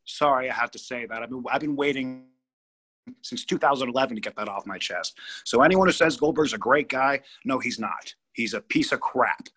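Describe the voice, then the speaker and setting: A husky, medium-pitched man in his thirties from California talks fairly quickly while telling a personal story as a casual interview guest. He's animated and blunt, swears freely, and keeps repeating himself.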